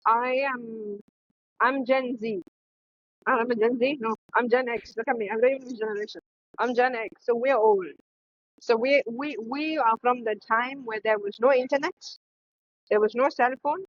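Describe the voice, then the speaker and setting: A high-pitched woman in her fifties co-hosting a podcast, ranting with lively sarcasm and flipping into mocking voices. The sound is dry and close, with a slightly dull, muffled top end. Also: dry recording. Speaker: podcast co-host. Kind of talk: casual opinionated chat.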